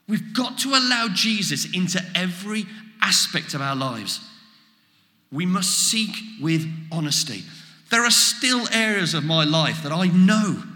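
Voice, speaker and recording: A man preaching a sermon, animated, acting out quoted exchanges as he goes. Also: a little high. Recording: echoey hall with long reverb.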